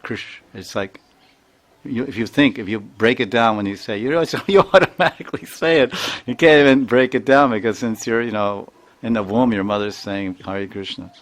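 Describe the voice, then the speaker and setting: A man's voice: mid-range voice, normal speed. An older man giving an informal spiritual talk, chuckling often and repeating words as he sounds them out. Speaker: spiritual teacher.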